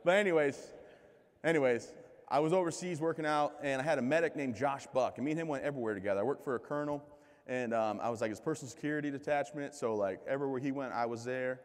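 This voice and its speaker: At a big event's keynote, a U.S. man talks fast in a mid-range voice, spinning joking stories at his own expense for a comedic motivational speech. The sound comes off a PA in a reverberant hall.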